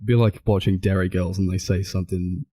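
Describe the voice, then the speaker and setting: A man's voice: low-pitched, fairly even intonation, brisk, dark tone, no echo, rough recording. A man co-hosting a podcast, chatting casually about films in a rambling, hedging way. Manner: rambling, hedging, full of "like" and "I suppose". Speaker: podcast co-host. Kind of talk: casual film discussion.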